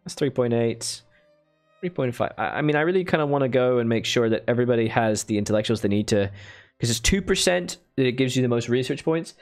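His medium-pitched voice is animated and quick as he streams a strategy game live with faint music behind. He thinks out loud in chatty commentary and bursts into enthusiastic thanks to viewers.

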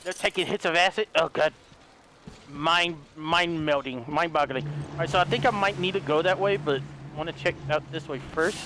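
Male gaming host, high lively voice, excitable commentary over noisy game sounds. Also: normal speed. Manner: excitable, yelps and talks to enemies. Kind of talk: casual gameplay commentary. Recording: voice over loud game audio. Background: game sound effects.

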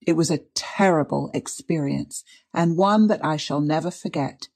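Low, husky woman narrating an old detective story. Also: darkish tone. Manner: measured, dramatic reading. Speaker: audiobook reader. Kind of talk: scripted narration.

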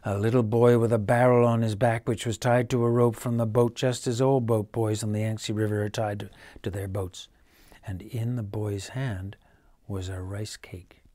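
A man reading a children's bedtime story aloud, gentle and dropping to a hush at quiet moments. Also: on the low side, level tone, moderate pace, no echo.

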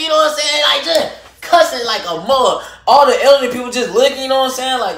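A young man telling a storytime vlog to camera, animated and slangy, swinging from loud rants to low muttering. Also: quick pace, vocal fry, reverberant. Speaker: vlogger.

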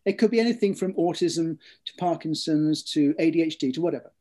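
In a thoughtful interview, a male author speaks with a slightly raised pitch and a soft, mellow tone. He tells his stories in a measured way, often restarting sentences with ums and repeated words.

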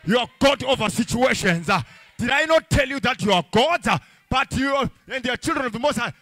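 Male pastor, high bright voice, chanting fervent sermon, dry close sound. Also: lively intonation, a little fast, no echo. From Africa. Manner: fervent preaching with chanted, sung phrases and shouts.

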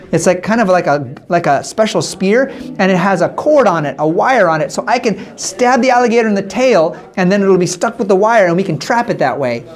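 A man narrating a children's mission story in an expressive way, speaking directly to young listeners. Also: sits high.

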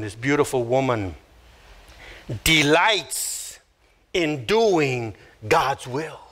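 A man preaching a sermon, emphatic and repetitive, slowing right down to stress key words. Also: medium pitch, a bit bright. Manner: emphatic, repeats phrases, slows down to stress words; acts out little quoted voices. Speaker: pastor.

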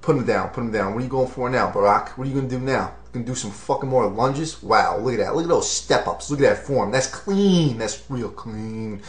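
A man's voice: medium pitch, fast talker, few pauses. A man doing mocking, profane commentary over a video, hyped and teasing. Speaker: comedic commentator. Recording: roomy echo.

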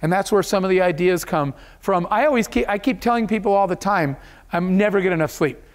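A man's voice: sits high, brisk. A man giving a motivational keynote speech to an audience, telling stories in an earnest, emotional way. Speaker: keynote speaker. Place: event hall.

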